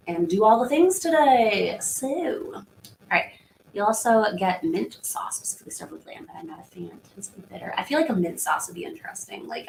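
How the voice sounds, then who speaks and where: A woman's voice: medium pitch, vocal fry. A woman in her thirties hosting a livestream, chatting casually and rambling as she answers viewer comments. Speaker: livestream host. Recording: echoey room with faint background hum.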